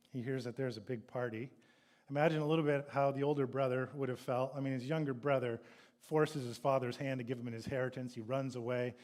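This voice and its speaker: A male pastor with a mid-range, slightly mellow voice preaches a sermon. He reads scripture and then retells it, at times acting out the sons' complaints in a raised voice.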